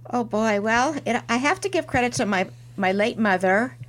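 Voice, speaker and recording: A middle-aged woman being interviewed, telling her story in a reflective way and restarting her sentences softly. She is a porcelain artist guesting on a talk show. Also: a little high, animated, moderate pace. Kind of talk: interview conversation.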